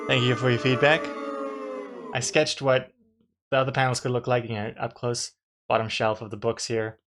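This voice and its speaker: A man's voice: medium pitch, level tone, normal speed, fairly bright tone. A man, a comic artist, chatting casually to his live-stream viewers while drawing, rambling and restarting his sentences with dry jokes.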